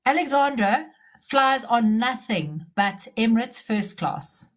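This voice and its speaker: A middle-aged woman on a casual live-stream chat, telling her story in a chatty, animated way with many restarts. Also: on the high side, slow. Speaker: community member sharing her story.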